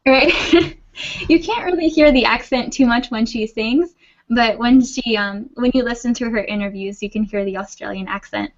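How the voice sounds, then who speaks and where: Lady teaching english on a video call, kinda high voice, patient, muffled lo-fi sound. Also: moderate pace. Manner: patient, reassuring, laughs often. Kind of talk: online class, friendly explaining.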